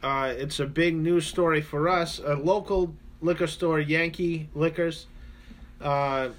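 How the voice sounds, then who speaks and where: A man's voice: on the high side, fairly even intonation, a little slow. Laid-back man rambling about beer. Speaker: radio show co-host reviewing beer. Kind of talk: casual chat.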